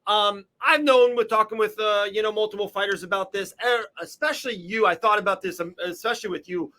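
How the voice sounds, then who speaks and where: A man's voice: high voice, a little fast, pushed and bright. A man from Florida hosting a podcast, asking long rambling, enthusiastic questions. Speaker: podcast host. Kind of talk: casual interview.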